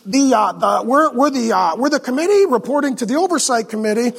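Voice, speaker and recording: A man's voice: very high voice, animated, a little fast, vocal fry, breathy edge, in a large hall, full character voice. A pastor playing a stiff, fussy male church committee member who stammers through bureaucratic questions. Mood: fussy questioning.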